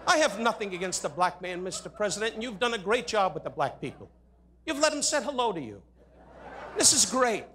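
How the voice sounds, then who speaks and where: A man at a benefit dinner in a hotel ballroom, delivering an insult comedy roast in rapid jabs and mock-sincere asides into a podium microphone. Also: high voice, bright, forceful tone, a little hiss or hum. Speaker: comedian roasting the guest of honor.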